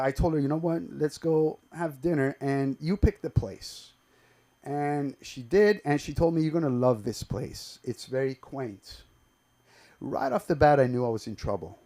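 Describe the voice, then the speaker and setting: A man on a comedy club stage working through an open mic set. His talk is profane and loose, stalling on ums and restarting sentences before landing the joke. His voice sits a touch higher than most men's. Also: a little mellow. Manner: profane, rambling storytelling with many fillers and restarts. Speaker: stand-up comedian.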